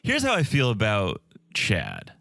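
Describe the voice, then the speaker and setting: Male co-host from Tennessee, dry teasing wit, lively pitch, close dry sound. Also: unhurried, gravelly, no echo. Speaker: podcast co-host. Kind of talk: casual podcast chat.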